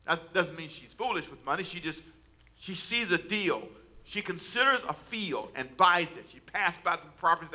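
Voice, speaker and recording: Sharp-voiced preaching man. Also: a little high, expressive, normal speed. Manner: conversational preaching with asides to the congregation. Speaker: pastor. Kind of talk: sermon.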